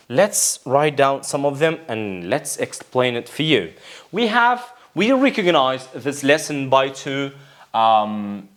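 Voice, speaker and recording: Unhurried, a Kurdish-speaking man teaches English grammar and pronunciation, repeating words and putting questions to the class. His tone is fairly bright, and his pitch rises and falls a great deal.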